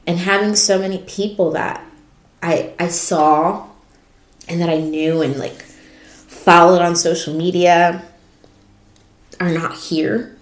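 A woman's voice: on the low side, steady tone, takes it slowly, long pauses, roomy sound. A young woman hosting a podcast, reflecting on her life in an emotional voice that wavers and cracks. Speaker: podcast host. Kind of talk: personal reflective monologue.

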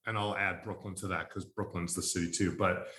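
A low-voiced man from Long Island hosts a relaxed interview. He talks in long, rambling runs full of restarts. The room around him rings with echo. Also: a little fast. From Long Island, New York. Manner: chatty, rambling, with many fillers and restarts. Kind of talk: casual conversational interview.

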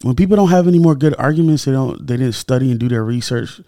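A man's voice: mid-range voice, fast talker, no room sound. Indignant man, dry close sound. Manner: animated, indignant, rises sharply when heated. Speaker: podcast host. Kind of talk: casual solo commentary.

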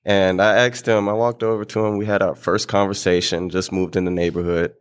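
A man speaks as a guest in a relaxed conversation, in a fairly low voice. He talks loosely, with plenty of fillers, and laughs easily. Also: fairly quick, hardly any pauses, clean tone. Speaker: guest, business owner. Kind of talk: casual interview chat.

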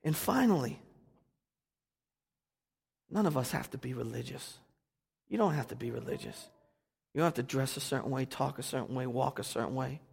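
A man's voice: medium pitch, normal speed, gravelly, long pauses, breathy edge. Fervent preaching man in a reverberant church. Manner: swings from hushed to loud and fervent. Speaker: pastor. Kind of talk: sermon. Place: church sanctuary. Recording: long reverb of a church hall.

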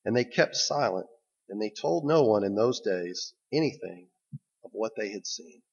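A man's voice: on the low side, expressive, moderate pace, gravelly, darkish tone, breathy edge, highs cut off. A man preaching a sermon as a pastor. He tells the story to his listeners and keeps drawing them in with "right?".

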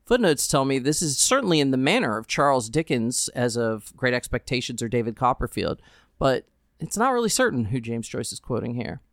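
A woman's voice: rumbling low, big pitch swings, fairly quick, no echo, clean studio sound. A woman, a journalist, co-hosting a book podcast in a chatty, emphatic way. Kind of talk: casual book discussion and reading aloud.

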